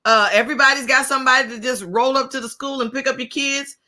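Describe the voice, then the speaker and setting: Female podcast guest, brand coach, casual banter, sharp bright tone. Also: high-pitched, steady tone, fast talker. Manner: laughing, incredulous banter. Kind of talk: casual chat.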